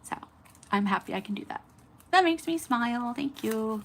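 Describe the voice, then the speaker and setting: This nail-art livestream host, a woman in her 30s, speaks in a fairly high, animated, creaky voice with a fairly bright tone at normal speed over slight background noise. She has a California accent with a faint Southern lilt, smiles, chats casually while doing nails, and calls live viewers by name.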